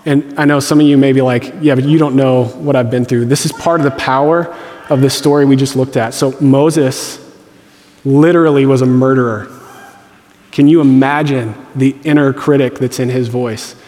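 A man's voice: medium pitch, steady tone, normal speed, darkish tone, long reverb tail. A man preaching a sermon as pastor, in a conversational, joking way with playful voiced asides.

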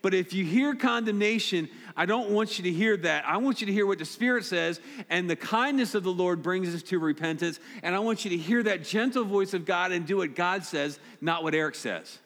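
A man's voice: sits high, brisk, hardly any pauses, a bit bright. A man preaching a sermon as pastor, direct and emphatic, repeating key points. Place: church sanctuary. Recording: long hall reverb.

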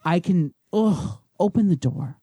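A man's voice: high voice, lively intonation, a little slow, mellow, breathy edge, no room sound, heavily acted. A tipsy young woman fumbling through her words and swearing she is perfectly fine, as a man puts her on. The voice slurs and stumbles, recorded dry and close with no room sound.

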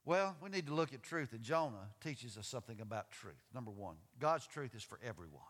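Bright-voiced male preacher in a reverberant hall. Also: mid-range voice, expressive, a little fast. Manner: emphatic, asks the audience questions. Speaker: pastor. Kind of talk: sermon with scripture reading.

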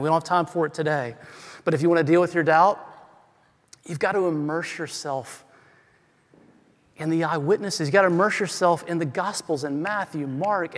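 A man's voice: on the high side, fairly bright tone. Emphatic male pastor preaching in reverberant hall. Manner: emphatic, repetitive preaching with rhetorical questions. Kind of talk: sermon.

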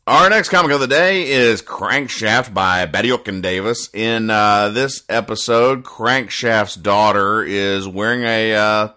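A man's voice: on the low side, takes it slowly, hardly any pauses, bright, forceful tone. A man hosting a comedy show, reading out comic strips and rambling about them in a self-mocking way, with bursts of acted lines. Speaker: comic strip reader and host. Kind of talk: casual comedic commentary.

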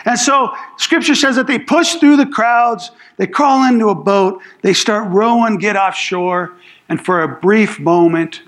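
High-voiced man preaching casually. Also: unhurried, a bit bright. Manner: casual storytelling with slang; acts out quoted speech in the story. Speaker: pastor. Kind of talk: sermon.

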